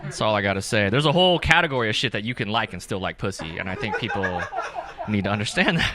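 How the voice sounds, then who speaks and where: A young adult man from California doing stand-up comedy at an open mic, energetic and profane, often checking with the crowd. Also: fairly low pitch, fast talker. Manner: energetic, profane, keeps asking the crowd "right?".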